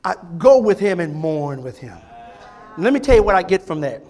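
A male pastor preaching a fervent sermon, swinging between loud, emphatic repetition and hushed, intimate moments, with folksy asides to his congregation. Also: high voice, sing-song, moderate pace.

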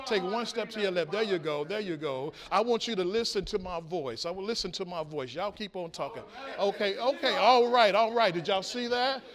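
Male pastor, high voice, call-and-response preaching that swings from soft to loud. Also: brisk, hardly any pauses, crowd noise. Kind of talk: sermon with a live illustration.

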